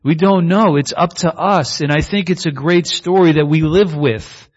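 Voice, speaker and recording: A man's voice: a little high, moderate pace, highs cut off. A man preaching a sermon in a conversational way, often asking his listeners "right?".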